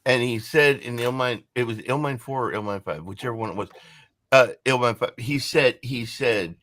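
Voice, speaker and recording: Excitable man in a casual podcast chat. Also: mid-range voice, normal speed. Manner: enthusiastic, says "dude" a lot. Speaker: podcast co-host.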